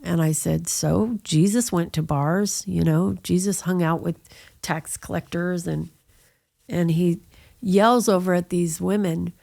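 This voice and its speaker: A woman's voice: fairly low pitch, steady tone, measured pace, vocal fry, warm tone. A middle-aged woman telling her personal faith testimony in a conversational interview, with frequent "you know" asides. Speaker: guest sharing her testimony.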